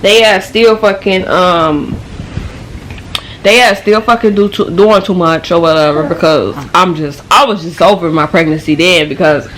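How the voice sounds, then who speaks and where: A woman's voice: on the low side, moderate pace, slight background noise. Young woman telling a profane storytime. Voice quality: profane, slangy, animated storytelling. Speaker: vlogger. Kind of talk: casual storytime.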